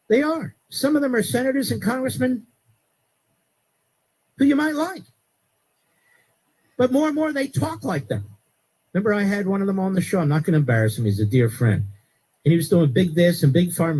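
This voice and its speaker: A man hosting a talk radio show, delivering an emphatic political commentary monologue that rises to sharp outbursts. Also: lively intonation, fairly quick, long pauses, breathy edge, rough recording. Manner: emphatic, rising to sharp high-pitched outbursts.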